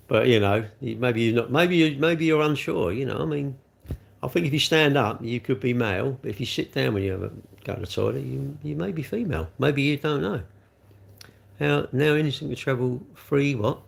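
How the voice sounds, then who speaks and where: A man's voice: mid-range voice, creaky. A middle-aged man, rambling through a casual livestream and answering viewer comments, calling them mate. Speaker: livestream host.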